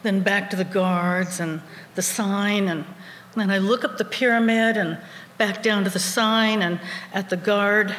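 An animated woman recounting a personal adventure on stage, her voice at a middle pitch. She chuckles through her own story, and the sound echoes around a roomy hall with a long reverb and faint ambience. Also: a little slow.

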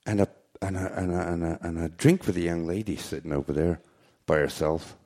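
A man's voice: low voice, steady tone, warm tone. A man putting on a flirty, stammering Irishman in a joke he tells on stage. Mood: stammering, eager. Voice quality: halting, stammering.

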